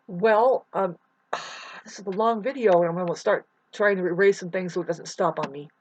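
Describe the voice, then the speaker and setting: A vlogger talking in a rambling, unscripted monologue, full of restarts, swinging between mumbling and loud outbursts into a computer mic. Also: medium pitch, moderate pace, no room sound, muffled recording.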